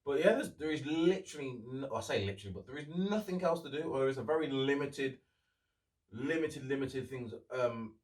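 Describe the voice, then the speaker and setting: A man's voice: mid-range voice, expressive, brisk, a little mellow, far from the mic. A young man hosting a casual solo podcast, rambling and chatty and swearing freely. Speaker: podcast host. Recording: roomy, off-mic sound.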